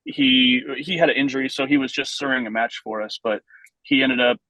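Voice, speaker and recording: A man speaks at an ordinary middle pitch, taking his time over explanations and anecdotes. He fills his pauses with frequent ums and uhs. The sound is dry and close, with no room around it. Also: fairly even intonation, sharp tone, no room sound, poor audio. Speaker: vintage base ball club member, guest. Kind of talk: casual podcast storytelling.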